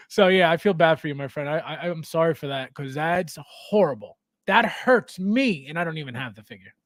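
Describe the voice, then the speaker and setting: A man hosting a casual livestream, reading viewer comments and talking in an animated way, with many repeated words and restarts. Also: on the high side, moderate pace, dry recording. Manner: animated, repetitive, stammering restarts, laughs often. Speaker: livestream host.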